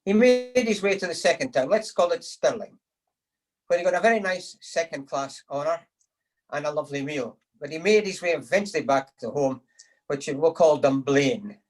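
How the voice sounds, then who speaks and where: Over a video call at a supper, a man with a fairly high, lively voice tells jokes at a normal speed, acting out the quotes and chuckling at his own punchlines. He's giving the toast to the lassies in this after-dinner routine, and the recording quality is low.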